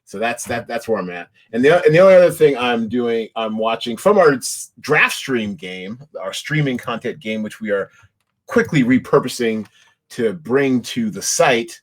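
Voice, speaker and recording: A man's voice: medium pitch, expressive, normal speed. Male podcast host, casual chat, rambling, lots of fillers.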